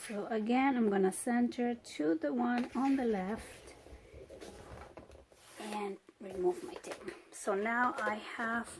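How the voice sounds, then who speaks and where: A woman with a hoarse, fading voice, chatting her way through a step-by-step crafting tutorial. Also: fairly high pitch, slight background noise. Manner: chatty, unhurried, talks while working. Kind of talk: casual step-by-step craft demonstration.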